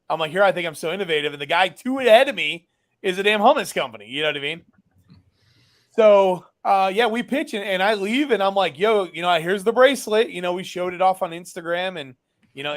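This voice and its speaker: Guy telling his founder story, bit high pitched, lively, lots of likes and you knows. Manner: animated, acts out dialogue, many fillers. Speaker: business founder guest. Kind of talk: casual storytelling.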